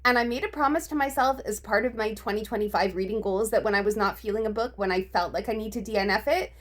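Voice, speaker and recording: A woman's voice: mid-range voice, fast. A woman book vlogger venting her frustration in a casual, profane rant, laughing between complaints. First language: English.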